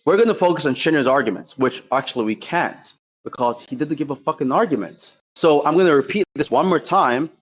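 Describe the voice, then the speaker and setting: A man's voice: fairly high pitch, expressive, fairly quick, few pauses. A man debating heatedly in an online voice chat. He swears freely and trash-talks his opponent while laying out his points step by step. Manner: combative, profane trash talk.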